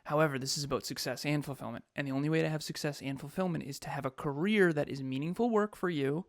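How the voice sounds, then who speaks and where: A man co-hosting a podcast and coaching, talking in an animated, emphatic way and laughing often. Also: fairly high pitch, quick pace, no echo, clean studio sound. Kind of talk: casual podcast chat.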